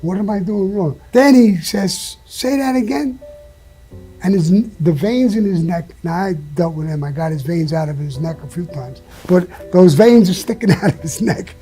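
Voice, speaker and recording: With faint music in the background, a man whose voice sits high and dark speaks at a moderate pace with few pauses. He's an interview guest telling emphatic, profane stories bluntly, swearing often and laughing occasionally in the middle of them.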